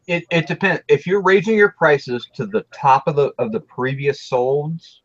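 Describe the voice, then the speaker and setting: A man talking casually about pricing, halting and repeating words as he explains. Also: fairly high pitch, dry recording, dull audio. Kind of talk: casual chat.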